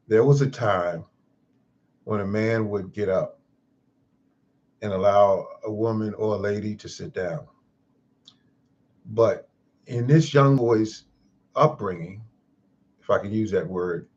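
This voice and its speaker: A man's voice: on the low side, a little mellow, muffled recording. A man hosting a casual live stream, telling a reflective, moralizing story in a rambling way. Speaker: host of a live-stream gardening show.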